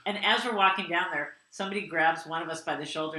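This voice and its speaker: A woman guest comedian telling a story in casual chat, animated and often laughing. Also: low-pitched, fast, echoey room.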